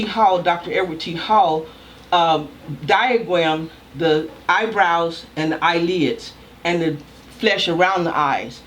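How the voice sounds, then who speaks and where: An older woman, a communication professor, giving a recorded lecture in a loud, emphatic, deliberate way. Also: on the low side, slight background noise.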